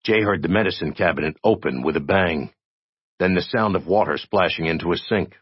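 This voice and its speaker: A man reading a story aloud in a steady, expressive narration. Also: sits low, brisk, slightly rough, no room sound, highs cut off. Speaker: audiobook narrator. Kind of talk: scripted narration.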